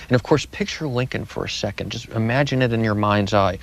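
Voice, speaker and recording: A man's voice: medium pitch, fairly even intonation, a little fast. A man answering interview questions as a guest historian, telling history with vivid, dramatic repetition.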